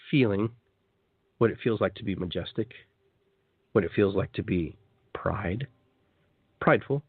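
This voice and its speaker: Heard over a tinny phone line with no room sound, a man with a lowish, husky voice hosts a live call-in radio show. He's a shamanic guide, chatting eagerly and guiding a meditation, with frequent repeats and restarts.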